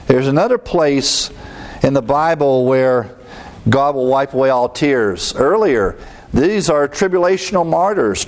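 Man preaching, mid pitch voice, slows way down and jumps up high to hammer home words. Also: a little mellow. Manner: preaching with sudden rises in pitch and slowed emphasis. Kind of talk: sermon.

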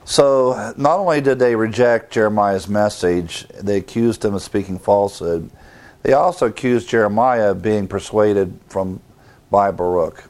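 A man with a somewhat low voice teaches through a scripture passage as a pastor. He reads deliberately and in measure, pausing to stress key repeated words. The tone is that of an expository sermon. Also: darkish tone. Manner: deliberate, measured reading with emphatic repetition.

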